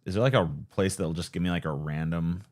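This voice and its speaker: Guy chatting on a late night stream, kinda low voice, rambly and swears a lot, puts himself down. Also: a little fast. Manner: rambling, profane, self-deprecating. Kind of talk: casual late-night livestream chat.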